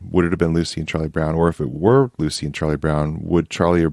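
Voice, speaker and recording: A man's voice: rumbling low, little pitch movement, fast talker, a little mellow, dry recording, studio quality. A man co-hosting a podcast, chatting casually and enthusiastically, often restarting his sentences. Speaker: podcast co-host. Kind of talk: casual chat.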